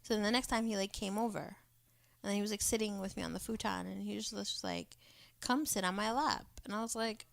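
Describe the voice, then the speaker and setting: A woman's voice: mid-range voice, quick pace, creaky, no echo. A young adult woman co-hosting a podcast, telling a candid story in casual chat and acting out the quotes. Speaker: podcast co-host.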